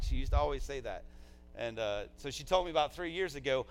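A man's voice: a little high, lively intonation, quick pace, fairly bright tone, low-quality recording. A man, a pastor, delivering a eulogy in a conversational, heartfelt way, often dropping in "man" as a filler.

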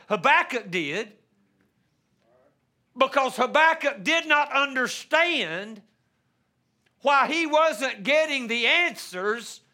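A male pastor delivering a sermon in an unusually high, ringing, bright voice. He speaks very slowly and deliberately, stretching key words. He often repeats a word as he starts a sentence, and his preaching swells into earnest pleading. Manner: measured preaching that builds to impassioned pleading.

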